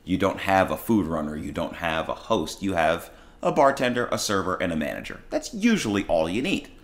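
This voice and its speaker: Hosting his own show, a restaurant worker tells a blunt, exasperated story about a customer where he works, in a casual monologue. His voice sits low, and he's very animated and a little fast.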